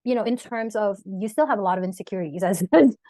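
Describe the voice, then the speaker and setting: A woman's voice: medium pitch, fast talker, warm tone, dry recording. Host, middle-aged woman, playful interviewer, close dry voice. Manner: chatty, playful follow-up questions. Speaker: podcast host. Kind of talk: casual interview chat.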